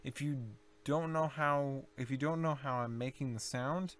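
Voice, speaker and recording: A young man explaining low singing techniques in a casual tutorial, rambling and self-correcting as he demonstrates growls and vocal fry. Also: steady tone, normal speed, a bit bright. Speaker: singing teacher.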